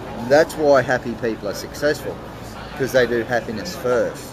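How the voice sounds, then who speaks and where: A man's voice: medium pitch, moderate pace. A man hosting a live motivational talk from a busy outdoor pub, upbeat and greeting viewers by name. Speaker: podcast host. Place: busy outdoor pub on a city main street. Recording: loud crowd noise outdoors. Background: crowd chatter and traffic.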